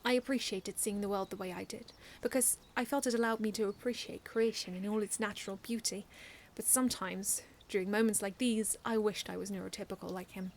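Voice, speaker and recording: A woman reading her own first-person fan story aloud in an earnest, expressive way, often restarting lines. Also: medium pitch, fairly quick, few pauses, slight background noise.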